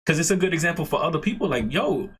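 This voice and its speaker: A man hosting a casual podcast, talking in a relaxed, encouraging, slangy way. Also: fairly high pitch, quick pace, husky. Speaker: host.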